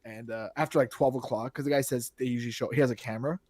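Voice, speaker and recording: A man co-hosting a casual podcast, telling stories in an animated way and acting out the voices of people he quotes. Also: medium pitch, very fast, no echo. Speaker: podcast co-host.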